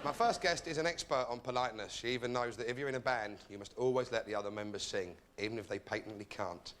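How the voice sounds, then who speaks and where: A man hosting a comedy show, telling jokes with a deadpan manner and bursting into shouted put-on voices. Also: mid-range voice, quick pace, slight background noise. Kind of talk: stand-up monologue and interview.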